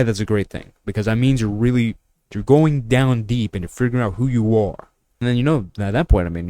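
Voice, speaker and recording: A man's voice: lowish voice, mellow. A young man vlogging mindset and money advice in a blunt, preachy way, firing off rhetorical questions with crude asides. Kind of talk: casual talking-head monologue.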